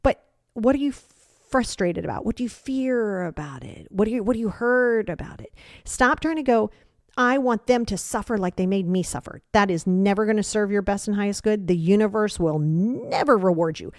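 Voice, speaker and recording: A woman's voice: mid-range voice, expressive, normal speed, darkish tone, no room sound, clean studio sound. A middle-aged woman hosting a solo podcast, giving blunt, emphatic tough-love advice about emotions as a coach.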